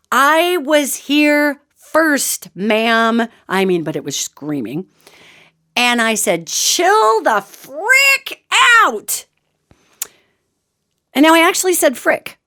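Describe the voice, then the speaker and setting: A woman hosting her own radio show, telling a dramatic personal story as a lively monologue that swings between loud outbursts and quiet asides, calling her listeners "gang". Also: medium pitch, no room sound, clean studio sound.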